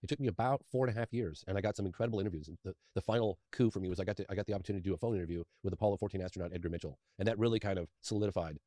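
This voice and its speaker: A rapid-fire man in his fifties with a low voice, spinning a long personal story in an interview. He rambles eagerly and keeps restarting sentences as he goes. The sound is close and dry, with no room behind him. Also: dark tone, no echo. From England. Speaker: documentary filmmaker, interview guest.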